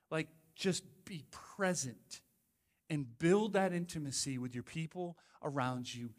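A man's voice: medium pitch, in a large hall. A male pastor preaching a sermon in a conversational, emphatic way, full of asides to the congregation.

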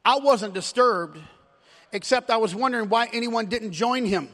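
A male pastor delivers a sermon in a church sanctuary, his voice sitting very high for a man. He swings from ringing, shouted climaxes to low, confiding asides, and a long hall reverb trails each phrase. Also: normal speed.

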